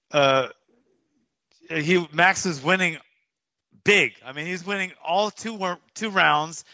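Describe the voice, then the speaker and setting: Bright-voiced man in his fifties, rambling. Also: on the high side, no room sound. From Hawaii. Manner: rambling, with many restarts and fillers. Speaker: martial arts coach. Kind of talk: casual interview storytelling. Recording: dull, dry, lo-fi sound.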